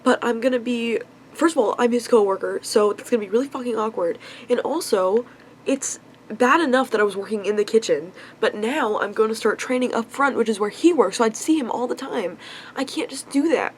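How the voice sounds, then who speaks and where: A woman's voice: fairly high pitch, fairly quick, slight background noise. A young woman venting about her love life in a confessional vlog, frustrated and upset, sighing often. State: upset, on the verge of tears. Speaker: vlogger.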